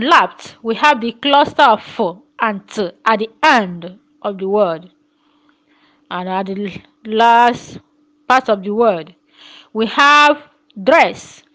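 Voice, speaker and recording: A woman teaching a phonetics lesson, repeating words slowly and asking rhetorical questions. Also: fairly high pitch, fairly bright tone, poor audio. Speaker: English teacher.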